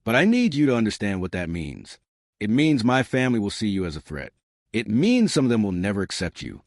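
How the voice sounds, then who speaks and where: A steady, guarded crime boss, read by a man in a low voice. He speaks quietly and with restraint, yet his pitch moves a lot from line to line. The sound is dry and close. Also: fairly quick, dry recording. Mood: firm. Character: calm, guarded male crime boss, adult.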